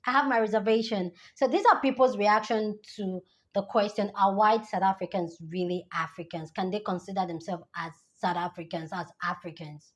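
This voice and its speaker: A woman hosting a reaction compilation, narrating in a quiet, wry way. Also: mid-range voice, steady tone, normal speed, few pauses, slight background noise. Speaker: host.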